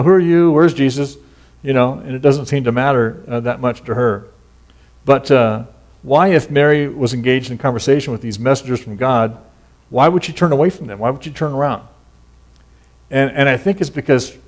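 Here a middle-aged male pastor with a mid-range voice gives an easygoing, chatty sermon. He fills it with homespun stories and offhand remarks.

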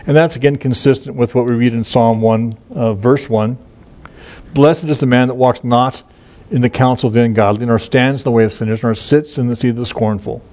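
A middle-aged man, a pastor, walks listeners through a passage of scripture in a loose, conversational way. He often stops and restarts his sentences and leans on fillers, then slows into a steadier cadence when he reads the verses aloud. His voice sits at an ordinary male pitch. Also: fairly even intonation, a little mellow. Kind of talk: informal Bible teaching.

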